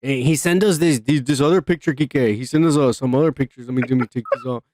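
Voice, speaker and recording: A man co-hosting a podcast, talking in loud, profane, excitable banter and teasing his co-host. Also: medium pitch, quick pace, dry recording, clean studio sound. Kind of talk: crude comedic banter.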